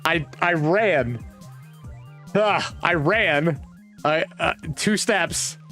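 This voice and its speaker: A man's voice: a little high, drawn-out words, pushed and bright, soft background music. A man from Virginia, casually telling a rambling childhood story with restarts and asides. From West Virginia, USA. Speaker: vlogger. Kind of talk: casual storytelling while browsing a map.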